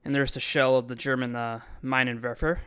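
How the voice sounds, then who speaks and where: This vlogger's voice-over, recorded outside the museum, comes in a mid-range voice that is pushed, bright and smooth. He talks fairly quickly with flat delivery, rambling casually over his video and leaning on ums and likes.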